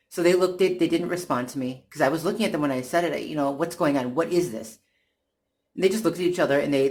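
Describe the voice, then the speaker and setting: A vlogger telling a personal story in a casual, halting way, with frequent restarts and repeated words, sounding irritated and exasperated. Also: medium pitch. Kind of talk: casual first-person account.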